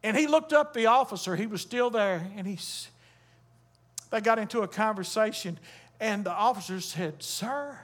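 A pastor delivers a sermon in a strikingly high voice. He drives each point with emphasis. He pulls the congregation into call-and-response. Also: moderate pace. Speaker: Baptist pastor.

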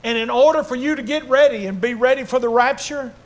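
A man's voice: extremely high pitch, brisk. An older man preaching a sermon to his church, fervent and emotional in his delivery. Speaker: pastor.

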